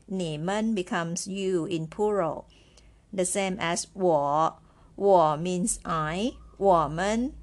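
A woman with a Mandarin Chinese accent, a native Mandarin speaker, hosting a podcast language lesson and patiently repeating words slowly for learners. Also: fairly low pitch, darkish tone.

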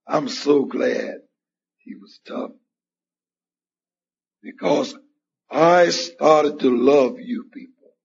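In a meeting hall, a man tells his personal story at a recovery meeting, acting out what others said to him. His medium-pitched voice is extremely slow, with vocal fry, a breathy edge and long pauses, captured on a dull lo-fi tape recording.

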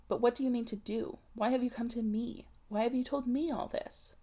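A woman voicing a proper married woman who questions in a harsh, dry, insistent voice, pitched a little higher than her own. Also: steady tone, a little fast, warm tone, natural voice.

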